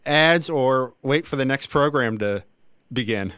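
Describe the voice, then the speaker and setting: A man hosting a podcast in a relaxed, self-mocking way. His voice is smooth and resonant, recorded close and dry. His pitch sits in the middle range. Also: unhurried, no echo. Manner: easygoing, self-deprecating. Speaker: podcast host. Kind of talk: casual podcast chat.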